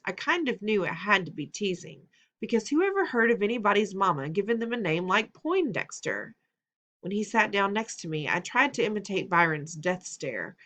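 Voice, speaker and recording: A woman's voice: medium pitch, fairly bright tone. Woman reading a children's novel aloud. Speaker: audiobook narrator.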